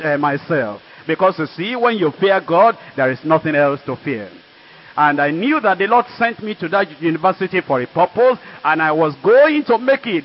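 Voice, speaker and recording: High-voiced older Nigerian preacher. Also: male voice. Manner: earnest storytelling with emphatic asides. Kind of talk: sermon testimony. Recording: dull lo-fi recording.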